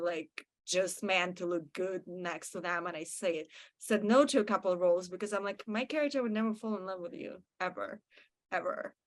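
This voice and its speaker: A woman, an actress guest venting with animated indignation in a casual panel chat. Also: mid-range voice. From France. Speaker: talk show guest, actress.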